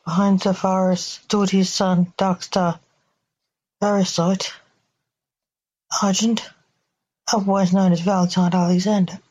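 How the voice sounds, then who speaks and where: A woman narrating a short story in a steady, unhurried reading voice. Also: lowish voice, lo-fi sound. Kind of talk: scripted narration.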